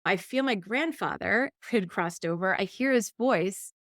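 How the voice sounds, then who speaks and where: A woman's voice: medium pitch, moderate pace, no room sound, clean studio sound. A woman co-hosting a podcast, telling a personal story in casual chat and acting out the quoted voices. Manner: animated storyteller, acts out quotes. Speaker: podcast co-host.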